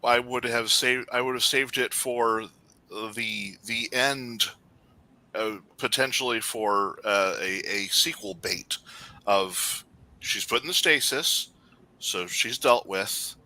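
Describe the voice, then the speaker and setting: A man's voice: mid-range voice, slow, sharp tone. A man co-hosting a podcast in casual chat, rambling with many restarts as he critiques. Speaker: podcast co-host.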